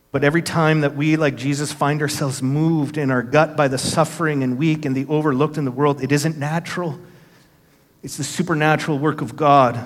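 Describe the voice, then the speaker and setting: Middle-range man in his fifties, pastor delivering an earnest storytelling sermon, church hall with long reverb. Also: mid-range voice. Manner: storytelling, acting out quoted voices, earnest. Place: church sanctuary.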